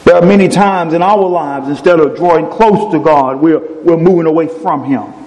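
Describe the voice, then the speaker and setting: High-voiced preacher man in an echoey hall. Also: normal speed, darkish tone. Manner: emphatic, climbing sharply in pitch on key phrases. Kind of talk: sermon. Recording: echoey hall with long reverb.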